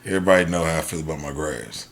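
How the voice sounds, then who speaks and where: A man co-hosting a casual podcast, delivering stories and punchlines in a slow, deadpan way. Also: very deep voice, vocal fry, slight background noise. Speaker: podcast co-host. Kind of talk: casual chat.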